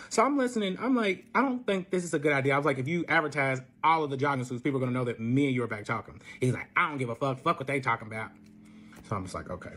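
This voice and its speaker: A man's voice: mid-range voice, racing, few pauses. A young man telling a personal story in casual storytime style, swearing often and acting out quotes in a raised voice. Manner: profane, animated, acts out quotes in a raised voice. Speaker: storyteller guest.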